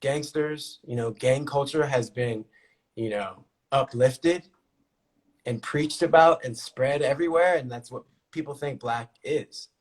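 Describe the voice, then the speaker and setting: A man's voice: mid-range voice, measured pace. A man speaking as a podcast guest, talking passionately and repeating his points for emphasis. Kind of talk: casual conversation.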